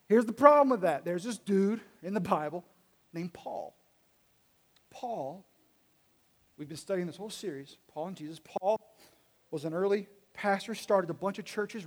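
A man's voice: sits high, moderate pace, pauses often. A man preaching a sermon as pastor, telling a story in casual conversational words and acting out quoted lines. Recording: long reverb of a large hall.

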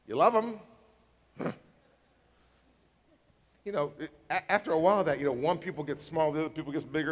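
Pastor, male, high voice, emphatic sermon delivery, long hall echo. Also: a little fast, pauses often. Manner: emphatic, animated, with mock dialogue. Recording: reverberant hall.

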